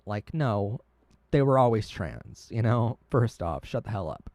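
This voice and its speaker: A man's voice: on the low side, animated, normal speed, darkish tone, no room sound. Earnest man hosting a live stream. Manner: earnest, emotional, stumbling over words. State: tearing up. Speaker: livestream host. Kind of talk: emotional live commentary.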